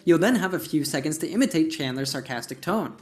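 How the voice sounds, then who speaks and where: A woman narrating a scripted English lesson, explaining words clearly and stressing key terms. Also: sits low, lively intonation, a little fast, faint music behind. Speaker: English teacher.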